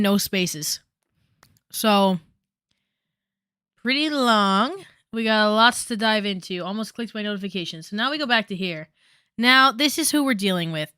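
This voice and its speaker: Slow-talking bright young woman streamer. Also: medium pitch, clear, resonant tone, dry recording, clean studio sound. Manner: chatty, rambling asides, many fillers. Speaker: commentary streamer. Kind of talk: casual commentary stream.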